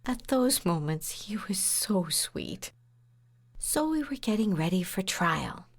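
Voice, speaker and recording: A woman who is a lawyer and podcast host, telling an anecdote in a lively way, acting out quotes and laughing along. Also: medium pitch, slow. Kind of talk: anecdotal storytelling.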